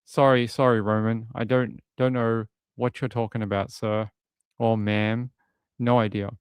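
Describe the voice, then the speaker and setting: A man talks through a case in casual livestream commentary, rambling a little and reading out viewers' comments. His voice is smooth and clear. It is recorded close and dry, with no room sound. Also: mid-range voice, level tone, measured pace, no room sound. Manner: conversational, rambling, reads out chat comments. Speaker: true crime streamer.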